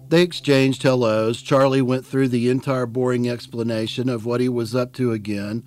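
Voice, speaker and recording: A man narrating an audiobook in a plain, measured storytelling manner. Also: mid-range voice, steady tone, darkish tone. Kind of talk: scripted narration.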